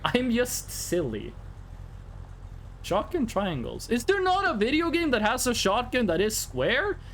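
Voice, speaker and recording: Playful high-voiced male streamer. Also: huge pitch swings, unhurried, fairly bright tone, a little hiss or hum. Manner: playful, rambling, sings snatches of songs. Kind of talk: casual live-stream gameplay chat.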